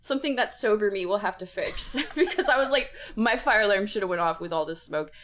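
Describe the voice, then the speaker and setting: A young woman co-hosting a podcast, telling a story in casual chat, animated and laughing often. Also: mid-range voice, brisk. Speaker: podcast co-host.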